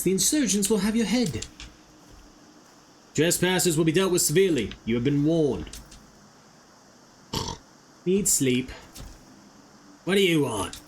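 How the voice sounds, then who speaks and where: A man's voice: fairly high pitch, slight background noise, voice pushed up. A man voicing a stern male imperial officer who gives clipped, formal commands.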